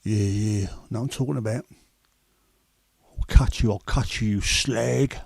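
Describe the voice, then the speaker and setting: A man voicing a threatening Cockney villain with a rough, insulting manner and a Cockney accent. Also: fairly low pitch, a little slow, no room sound. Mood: menacing. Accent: Cockney, put on.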